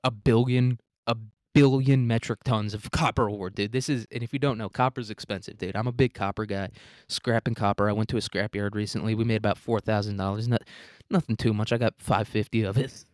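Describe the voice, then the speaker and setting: A man's voice: fairly low pitch, steady tone, fairly quick, a little mellow, no room sound, clean studio sound. A man hosting a casual history podcast, talking in an irreverent, profane way and acting out the people he quotes. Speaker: podcast host.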